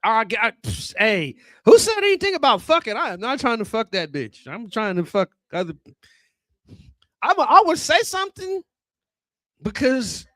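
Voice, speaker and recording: A man in his thirties doing a loose, profane and rambling stand-up comedy set on a club stage, talking into a handheld mic, with sudden loud outbursts. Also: very high voice, big pitch swings, normal speed, no room sound. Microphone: handheld microphone.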